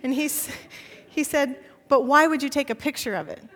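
A woman's voice: sits high, expressive, normal speed, background noise. A woman pastor preaching a sermon, telling a story and acting out the dialogue. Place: church sanctuary. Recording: long church hall reverb.

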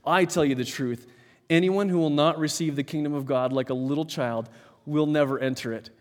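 A man's voice: on the high side, brisk, lightly acted. A preacher acting as a firm, compassionate male teacher, speaking in an earnest, declaiming way, in a reverberant hall.

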